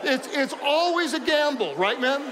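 A man preaching a sermon as pastor, animated and joking, repeating phrases for emphasis. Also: extremely high pitch, normal speed, big-room sound, background noise.

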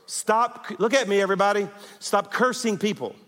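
A middle-aged male pastor with a high voice preaches an animated sermon, urging his congregation on. His voice rings with a long reverb through a large church hall. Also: normal speed.

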